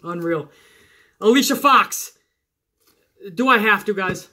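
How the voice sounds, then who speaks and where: A man hosting a casual wrestling podcast, animated and chatty, swearing and talking straight to his listeners. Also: sits high, slow, pauses often. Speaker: podcast host.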